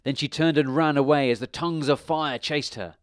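A man reading a children's storybook aloud with expressive delivery. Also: a little high, a little fast, no room sound, studio quality.

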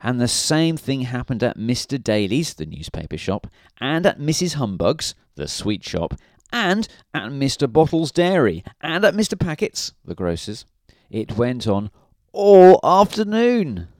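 Lively man reading a children's story. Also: medium pitch, a little slow, no room sound, clean studio sound. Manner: playful, asks the listener questions. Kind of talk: children's story read aloud.

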